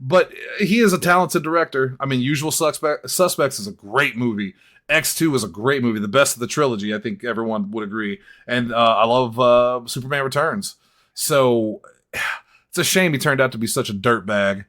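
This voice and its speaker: A man hosting a casual comedic movie-review podcast, joking and energetic and laughing often. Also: medium pitch, normal speed. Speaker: podcast host.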